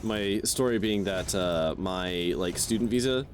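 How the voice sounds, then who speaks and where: Slow, low-voiced young man gaming. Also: a little hiss or hum. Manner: counts aloud under his breath, swears casually. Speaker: game streamer. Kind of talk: casual chat while playing.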